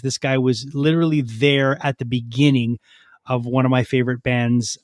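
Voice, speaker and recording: A man hosting a podcast in a studio, chatting casually and excitedly with lots of fillers, reading sponsor shout-outs. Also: mid-range voice, moderate pace, dry recording. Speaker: podcast host. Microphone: studio microphone.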